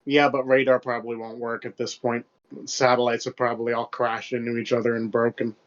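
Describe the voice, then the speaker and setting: A man's voice: mid-range voice, level tone, a little fast. A young man co-hosting a podcast in casual, rambling chat, loose and profane with plenty of fillers. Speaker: podcast co-host. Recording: dull lo-fi podcast mic.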